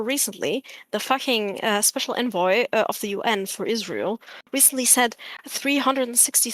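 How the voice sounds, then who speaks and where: Woman debater, slightly high voice, dry close mic, blunt and profane, lectures over interruptions. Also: fairly bright tone, no room sound. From Arab diaspora. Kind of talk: heated online debate.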